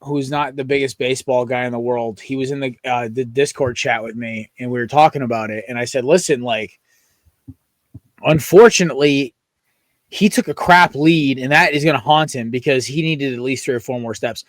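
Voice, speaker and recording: A man's voice: medium pitch, fairly even intonation, normal speed, no echo. A young man co-hosting a sports podcast, ranting with heated, strong opinions in casual chat. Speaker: podcast co-host.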